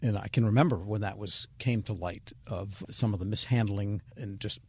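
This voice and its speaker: A man's voice: on the low side, moderate pace, a little mellow, a little hiss or hum. A man hosting an interview, asking questions in a conversational way. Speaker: radio show host.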